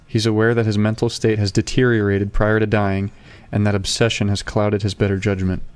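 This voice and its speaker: A man playing a tabletop game, reading his character's notes aloud in a halting way. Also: lowish voice, smooth. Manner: excited, swearing, reading haltingly. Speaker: player.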